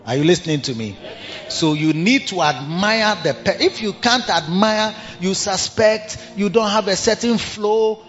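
A man's voice: high voice, unhurried, a bit bright. A man preaching a sermon as pastor, emphatic and full of rhetorical questions to the congregation. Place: church service. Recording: dull long church reverb with music.

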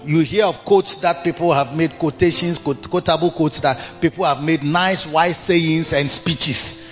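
Male preacher, sermon, slow deliberate delivery, long church-hall reverb. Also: fairly bright tone, muffled recording, soft background music. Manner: reads scripture in slow, drawn-out King James cadence; rises in pitch when repeating phrases for emphasis.

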